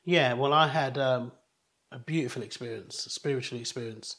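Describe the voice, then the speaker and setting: A middle-aged man, a guest in an interview, telling a personal story in an earnest, halting way with many restarts. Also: medium pitch, fairly bright tone.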